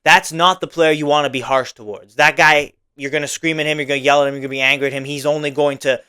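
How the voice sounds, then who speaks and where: A young man speaks in a smooth, clear voice that sits a bit high for a man. He rambles through a casual solo podcast monologue, leaning on "like" and tagging "right?" onto his points. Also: fairly even intonation, fast, bright, forceful tone. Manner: rambling, many fillers like "like" and "right?". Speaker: podcast host.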